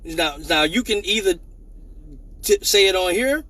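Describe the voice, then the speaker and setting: A man hosting a live stream, telling a profane story in a lively way and acting out the voices of the people in it, with many restarts. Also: high-pitched, measured pace, recorded from a distance. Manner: animated, acts out quoted voices with many restarts.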